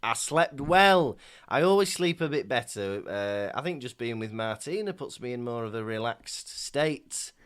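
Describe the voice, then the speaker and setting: A man's voice: mid-range voice, animated, normal speed, few pauses, a bit bright, smooth. A young man, co-hosting a casual podcast chat and telling jokey stories. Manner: jokey, chatty storyteller with frequent laughs and fillers. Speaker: podcast co-host.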